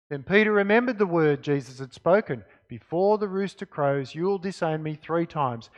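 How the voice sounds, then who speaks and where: A man preaching a sermon, reading scripture aloud and explaining it with expressive emphasis that drops to quiet asides. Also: a little high.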